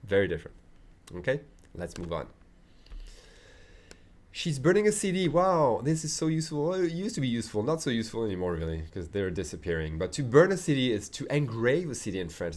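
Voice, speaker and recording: A man teaching a French lesson, slowly modeling French phrases, adding chatty asides, and checking in with "okay?" after each point. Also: medium pitch, sing-song. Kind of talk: online language lesson.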